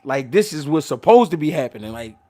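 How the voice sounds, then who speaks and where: A Philly show host on the high side, talking a little fast, tells casual stories. His manner is animated, slang-heavy, and profane, with frequent restarts of his sentences.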